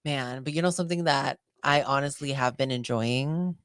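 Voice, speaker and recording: A young woman co-hosting a podcast, chatting casually and telling animated stories with quoted asides. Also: rumbling low, normal speed, smooth, dry recording, clean studio sound. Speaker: podcast co-host. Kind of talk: casual chat.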